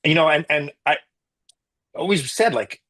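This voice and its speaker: Husky middle-aged man, halting and emotional. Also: on the high side, animated, pushed and bright, low-quality recording. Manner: halting and emotional, with many restarts. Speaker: interview guest, physician. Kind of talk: emotional personal account in an interview.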